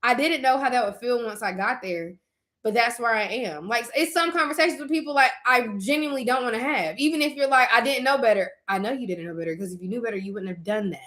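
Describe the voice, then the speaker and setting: A young woman shares her faith in a casual vlog, talking frankly and turning to her viewers as if chatting with friends. Her voice sits a touch high and rings bright and forward. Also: expressive, quick pace. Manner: candid, conversational, addresses viewers directly. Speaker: faith vlogger.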